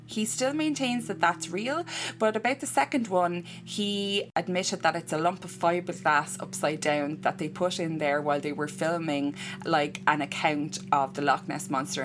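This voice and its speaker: A woman's voice: sits low, slight background noise. A woman co-hosting a podcast, telling stories in a chatty, wry way. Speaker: podcast co-host. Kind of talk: casual chat.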